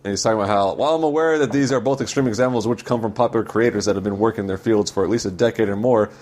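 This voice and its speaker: A man's voice: on the low side, very fast, darkish tone. A man co-hosting a casual podcast, reading listener emails aloud and breaking into laughter. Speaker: podcast co-host.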